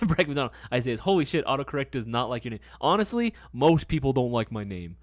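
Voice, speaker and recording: A man's voice: mid-range voice, very animated, a little fast, dry recording. A young man chatting casually on a live stream, loose and slangy, always checking in with "right?". His voice sits in a middle range. The sound is dry and close, with no room around it. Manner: laid-back, slangy, lots of "right?" and "man". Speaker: livestream host.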